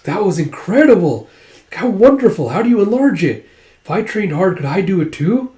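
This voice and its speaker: A man's voice: high-pitched, big pitch swings, normal speed, darkish tone, pitched above the performer's own voice. A man voicing an awestruck, eager admirer from a manga, gushing with breathless wonder. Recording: roomy echo.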